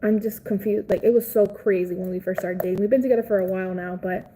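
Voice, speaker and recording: A woman's voice: mid-range voice, fairly even intonation, quick pace, mellow, rough recording. A Cuban woman hosting a casual livestream, chatting with viewers in a blunt, profane, outspoken way. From Cuba. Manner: chatty, reads and answers viewer comments. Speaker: livestream host.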